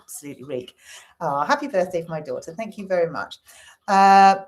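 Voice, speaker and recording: A woman's voice: fairly low pitch, a little fast. A middle-aged woman chatting casually on a live stream, reading comments and swearing now and then. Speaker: livestream host.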